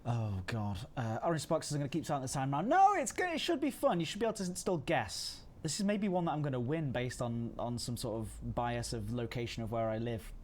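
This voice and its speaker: A man's voice: medium pitch, a little fast, hardly any pauses, a little mellow. Chatty man hosting a livestream. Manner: chatty, self-deprecating, reads chat aloud. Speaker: livestream host. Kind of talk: casual livestream chat.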